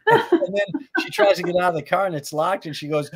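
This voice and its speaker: Animated man telling comic stories. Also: sits high, a little fast. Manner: laughs through his stories, acts out lines. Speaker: guest, comedy writer. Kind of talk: animated anecdotal storytelling.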